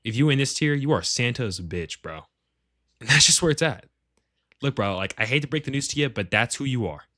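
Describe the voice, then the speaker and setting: A man's voice: mid-range voice, lively intonation, a little fast, sharp tone, dry recording, clean studio sound. A man ranking members of his gaming group in casual, rambling commentary, full of slang and swearing. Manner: profane, rambling, slangy banter. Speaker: gaming clan leader. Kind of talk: casual tier-list commentary. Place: at home, shared with family.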